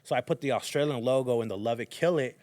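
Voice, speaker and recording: A man in his thirties, appearing as a podcast guest, talks fast at a medium pitch in a dry recording. He's an animated storyteller in a casual chat, using slang and acting out what people said.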